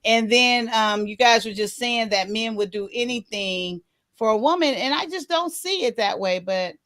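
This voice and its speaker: A woman hosting a casual talk show, chatty and quick to laugh. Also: on the high side, a bit bright. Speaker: host. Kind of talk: casual chat.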